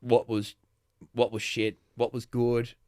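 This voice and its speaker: A man's voice: medium pitch, flat delivery, takes it slowly, darkish tone, dry recording, clean studio sound. A chatty Australian man in his forties, a podcast guest who talks casually, laughs often and restarts his sentences. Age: 40s. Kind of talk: casual conversation.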